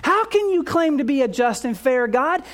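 A preacher voicing Satan as a male accuser, condemning and mocking in a raised, shrill voice. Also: big pitch swings, moderate pace. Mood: accusing.

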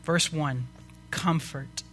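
A man's voice: on the high side, fairly even intonation, very slow, fairly bright tone, faint music behind. A man preaching a sermon as pastor, earnest and rising to emphatic questions to the congregation.

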